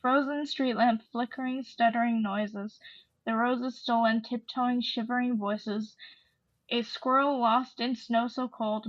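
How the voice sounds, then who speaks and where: A woman co-hosting a poetry podcast, reading a poem aloud and then chatting about it in a soft, halting way. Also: fairly high pitch, dry recording, highs cut off. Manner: soft-spoken, halting with fillers. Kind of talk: poetry reading and casual discussion.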